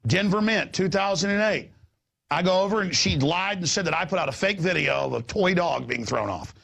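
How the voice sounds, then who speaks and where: A man hosting a show, talking in a rambling, animated way, stammering and repeating words. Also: high-pitched, a little fast, vocal fry. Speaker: host. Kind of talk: rambling on-air chat. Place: studio in Austin.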